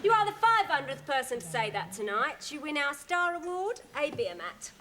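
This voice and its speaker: An actress playing a dry, sarcastic barmaid, in a 1970s sitcom with audience laughter. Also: female voice, high voice, big pitch swings, normal speed, crowd noise, noisy background. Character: sarcastic adult female barmaid.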